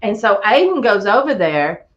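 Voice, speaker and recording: Animated woman telling a campfire story. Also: medium pitch, moderate pace, highs cut off. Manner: animated storyteller, acts out voices, chuckles often. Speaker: guest telling an encounter story. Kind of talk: casual storytelling on a call-in show.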